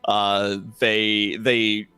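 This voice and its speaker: A man's voice: on the low side, little pitch movement, drawn-out words, bright, forceful tone, smooth, soft background music. A man with a Canadian accent hosting a tabletop game as game master, hammy and enthusiastic, laughing often.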